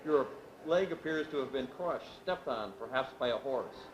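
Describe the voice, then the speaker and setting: A man's voice: mid-range voice, lively intonation, natural voice. A man reading as a serious young peasant. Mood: measured. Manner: measured, plain-spoken. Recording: echoey room with background noise.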